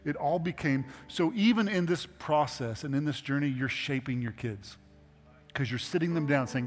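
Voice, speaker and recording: A man's voice: on the high side, moderate pace. A middle-aged man preaching a sermon as pastor, talking conversationally and earnestly and building to emphatic exhortations. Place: church sanctuary. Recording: hall reverb with faint music.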